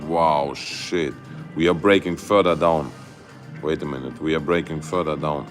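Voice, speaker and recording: Low-voiced man streaming live chart commentary. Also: normal speed, faint music behind. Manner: excitable, loose grammar, many fillers and "guys". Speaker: crypto livestream host.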